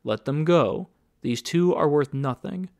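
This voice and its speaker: A man's voice: on the high side, a little slow, vocal fry, a little mellow, dry recording. A man reading a weary, dismissive young man. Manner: wearied, dismissive.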